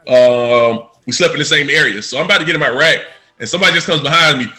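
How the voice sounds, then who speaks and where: A man's voice: fairly high pitch, quick pace, poor audio. A man telling navy stories to friends in a casual, laughing way. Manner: laughing, animated, swears freely. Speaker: navy veteran telling a story. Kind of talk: casual storytelling among friends.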